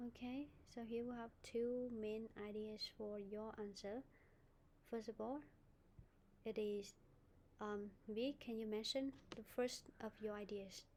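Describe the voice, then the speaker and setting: Woman, Vietnamese accent, English teacher, online lesson, higher-pitched voice. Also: steady tone, unhurried, a little mellow, a little hiss or hum. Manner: explains and models pronunciation. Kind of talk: online speaking lesson feedback.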